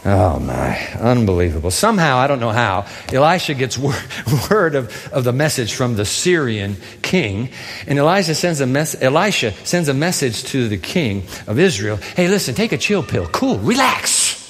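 Male pastor, theatrical sermon delivery, lively high voice, long hall reverb. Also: moderate pace. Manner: animated, theatrical storytelling.

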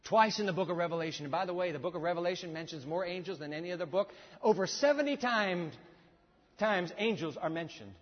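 Preacher with booming, hushed swings. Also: male voice, fast. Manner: dramatic swings between booming and hushed delivery; asks the audience rhetorical questions. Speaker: pastor. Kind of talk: sermon. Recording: long hall reverb, dull sound.

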